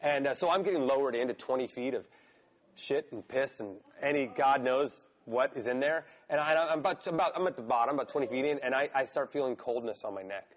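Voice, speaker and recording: A man's voice: mid-range voice, fairly quick. Forties guy spinning a wild story, super casual, swears a bit, lots of "like". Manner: animated, swears, lots of "like" and "right?". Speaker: guest, pro BMX rider.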